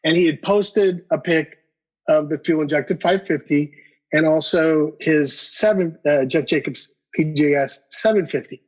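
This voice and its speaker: A man's voice: a little high, a little slow. A man telling a collecting story in a casual chat, stumbling over repeated words and acting out both sides of a conversation. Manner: animated, repeats words, acts out dialogue. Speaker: guest collector. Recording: dull lo-fi podcast audio.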